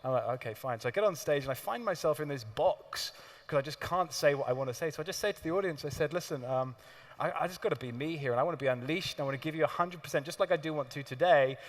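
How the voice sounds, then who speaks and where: A man giving a live seminar talk to an audience, telling stories in an animated way with laughs and the odd swear word. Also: on the high side, fast. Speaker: seminar speaker. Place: large hall with audience. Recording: long hall reverb.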